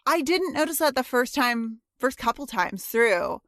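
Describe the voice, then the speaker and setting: A woman co-hosting a podcast in casual chat, halting and searching for words, with casual swearing. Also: fairly high pitch, lively intonation, a bit bright, dry recording, clean studio sound. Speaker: podcast co-host.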